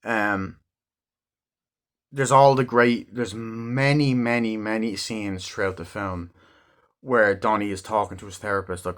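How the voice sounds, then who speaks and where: A man's voice: fairly low pitch, fairly even intonation, a little slow, a bit bright. A man giving a casual movie review, rambling and swearing freely as he acts out scenes.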